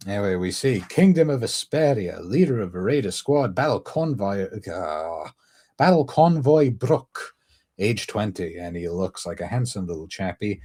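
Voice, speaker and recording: A man's voice: lowish voice, expressive, normal speed, mellow. A man streaming a casual reaction, rambling, musing aloud and laughing often. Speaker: streamer reacting to a comic chapter.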